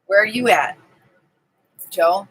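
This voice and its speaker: A woman's voice: mid-range voice, slow, a bit bright, slightly rough, low-quality recording. A woman hosting a casual live stream from her camping trailer, chatting and greeting viewers by name. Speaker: livestream host.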